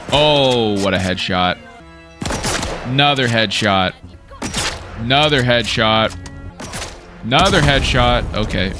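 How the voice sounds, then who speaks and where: A man casually commenting while he plays a game, excitable and quick to swear and react. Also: lowish voice. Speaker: gaming YouTuber. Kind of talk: casual let's-play commentary.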